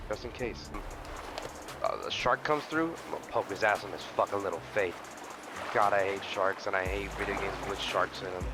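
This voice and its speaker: A young man giving profane, jumpy commentary while playing a game, shrieking at scares and muttering in between. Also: fairly low pitch. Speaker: gaming video host. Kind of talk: profane let's-play commentary. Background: background music.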